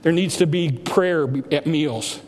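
A man preaches in a church, his voice sitting high for a man. His exhortations rise and press hard, and a long hall reverb trails after every phrase. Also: takes it slowly. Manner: emphatic preaching with rising exhortations. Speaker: pastor. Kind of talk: sermon. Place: church sanctuary.

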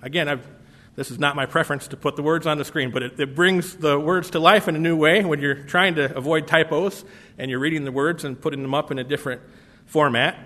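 A man preaching a sermon in a somewhat high voice. He stacks rhetorical questions that build loud, then falls back soft and reflective, and he often breaks in with "uh" or restarts his phrases. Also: fairly even intonation, a little fast. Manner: frequent filler "uh" and restarts. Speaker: pastor.

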